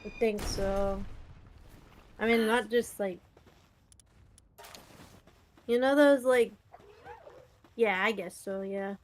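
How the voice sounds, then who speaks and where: A woman's voice: mid-range voice, steady tone, takes it slowly, pauses often, a little hiss or hum. A woman chatting casually on a game stream, answering questions in a hesitant way with fillers. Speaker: co-streamer helper. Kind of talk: casual chat.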